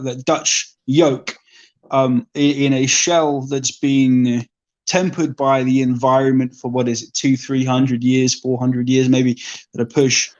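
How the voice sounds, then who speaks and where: A man chatting casually as co-host, halting with many restarts and fillers. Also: medium pitch. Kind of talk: casual chat. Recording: slightly dull lo-fi stream audio.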